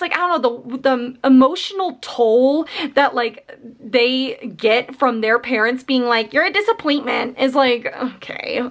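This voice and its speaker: A young woman vlogging about books in casual chat, animated and full of fillers, getting exasperated as she rants. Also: high voice. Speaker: book vlogger.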